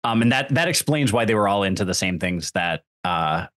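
A man with a lowish voice co-hosting a movie podcast, talking through comparisons in an explanatory, easygoing way. His recording is dry and close, with no room sound, and his pitch moves expressively. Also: expressive, a little fast, fairly bright tone, no echo. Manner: thoughtful, explanatory, with fillers. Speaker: podcast co-host. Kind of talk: casual movie-review chat.

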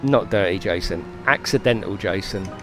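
A man's voice: low voice, moderate pace. A man commentating his own racing game on a live stream, swearing, apologising and giggling, with music playing behind him.

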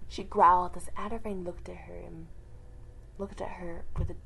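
A woman reading a roleplay story aloud, slow and halting with frequent restarts. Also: lowish voice, level tone, gravelly, fairly bright tone, slight background noise, low-quality recording.

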